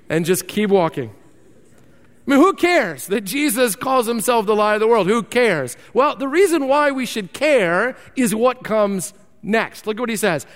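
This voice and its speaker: A man preaching a sermon, reading scripture and then telling animated stories with emphatic repetition. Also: extremely high pitch, moderate pace, long reverb tail. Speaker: pastor.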